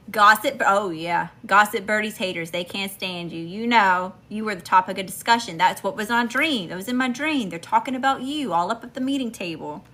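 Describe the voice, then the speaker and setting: A woman's voice: mid-range voice, sharp tone, a little hiss or hum. Chatty Southern woman reading tarot. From Mississippi, USA. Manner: chatty, emphatic, slangy with frequent "y'all" and "okay?". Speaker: tarot reader. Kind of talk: channeled tarot reading to viewers.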